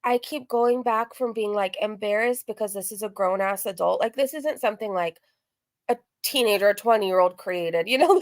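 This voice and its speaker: A woman's voice: a little high, normal speed, no room sound. A woman hosting a reaction stream, talking in a giggly, bewildered, chatty way. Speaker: reaction channel host. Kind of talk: live reaction commentary.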